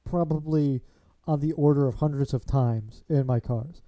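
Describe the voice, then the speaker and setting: A man's voice: medium pitch, moderate pace, dark tone. A man hosting a casual car podcast, easygoing and joking, often murmuring agreement. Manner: easygoing, joking, many "mm-hmm"s. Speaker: podcast host. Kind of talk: casual chat.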